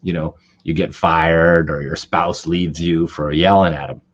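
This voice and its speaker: A man teaching an online class as an Ayurvedic doctor and herbalist, talking conversationally with many "you know" fillers and animated storytelling. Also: rumbling low, a little slow, dull audio. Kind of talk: online webinar lecture.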